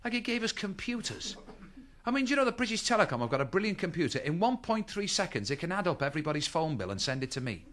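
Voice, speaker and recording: Stand-up comic, middle-aged man, high and bouncy voice, rattles along quickly. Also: sing-song, a bit bright. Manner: chatty, quips to the audience with rhetorical questions. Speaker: stand-up comedian. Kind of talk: stand-up routine. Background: audience laughter.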